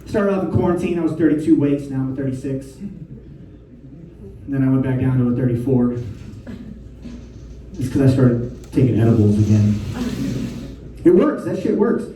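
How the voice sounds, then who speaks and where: A man's voice: medium pitch, lively intonation, normal speed, pauses often, dark tone, slight background noise. A young man doing a stand-up comedy set, crude and conversational, full of slang. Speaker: stand-up comic. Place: live comedy show venue. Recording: echoey room mic heard from a distance.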